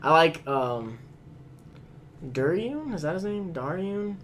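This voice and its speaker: A man co-hosting a casual podcast, talking excitedly and ranting in loud bursts. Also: a little high, slow, a little hiss or hum. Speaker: podcast co-host. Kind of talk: casual chat.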